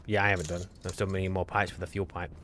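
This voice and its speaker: A man's voice: deep voice, level tone, fast, a bit bright, soft background music. A man live-streaming a co-op game, chatting casually and teasing his partner. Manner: chatty, self-correcting, teasing. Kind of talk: casual gameplay chat.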